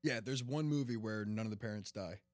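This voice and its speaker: A young man co-hosting a casual podcast chat, laughing often and shouting out movie-line impressions. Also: fairly low pitch, brisk, no room sound, studio quality. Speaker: podcast co-host.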